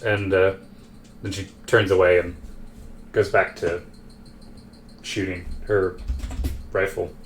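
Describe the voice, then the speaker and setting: A man with a fairly low voice runs a solo tabletop session. He narrates haltingly, full of fillers and restarts as he describes each character. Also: flat delivery, a little hiss or hum. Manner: hesitant, many fillers and self-corrections. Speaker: game master.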